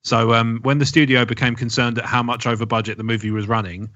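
A man co-hosting a podcast, wryly challenging arguments and quick to laugh. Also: medium pitch, level tone, a bit bright, no echo. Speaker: podcast co-host. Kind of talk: casual film debate. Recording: dry, slightly dull lo-fi recording.

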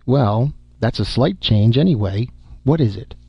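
A man reading the part of an obese, world-weary male government secretary with a rumbling, wry voice, in a dull recording. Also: animated, unhurried, slightly rough, no room sound. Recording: dull muffled audio.

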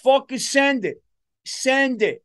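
A man voicing a reckless, trigger-happy male leader who yells to bomb everything. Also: very high voice, expressive, slow pace, voice pushed up, full character voice. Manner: yelling, reckless.

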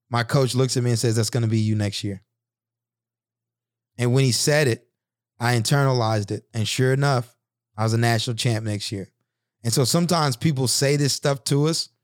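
A man's voice: mid-range voice, dry recording, studio quality. A man in his thirties telling personal stories in an earnest, reflective, conversational monologue. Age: 30s. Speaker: podcast host.

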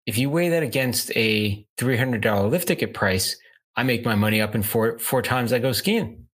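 Male podcast co-host, middle-pitched voice, relaxed casual chat, thinks out loud. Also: normal speed, breathy edge.

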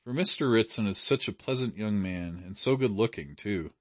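A man's voice: lowish voice, normal speed, a bit bright, dry recording. A man doing a sweet, gushing elderly mother. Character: gentle elderly invalid mother, tearful and sweet. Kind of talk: audiobook character reading.

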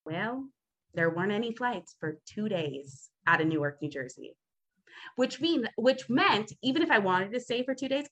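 A woman's voice: mid-range voice, fairly bright tone, low-quality recording. A young adult woman hosting a podcast, telling a long story in a casual, rambling, exasperated way with plenty of swearing. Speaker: podcast host.

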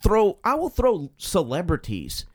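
A man's voice: high voice, huge pitch swings, measured pace, no room sound, studio quality. Emphatic, folksy male radio co-host. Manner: emphatic, folksy, jokey storyteller. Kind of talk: political talk radio banter.

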